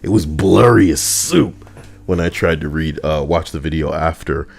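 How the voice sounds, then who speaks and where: A man's voice: extremely low pitch, normal speed, creaky. A man streaming and chatting casually, joking and rambling in a goofy way.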